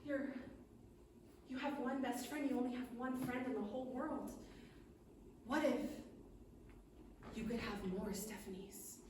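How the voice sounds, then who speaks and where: A woman's voice: a little high, expressive, normal speed, noisy background, lightly acted. A woman voicing an earnest, flustered good witch who sounds bewildered during improvised stage storytelling. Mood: coaxing. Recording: echoey hall, mic far off.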